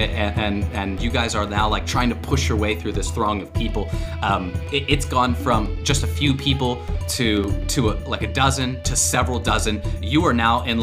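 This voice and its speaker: A man running a tabletop game as game master, narrating in a loose, rambling way with many fillers and restarts. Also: mid-range voice. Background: background music.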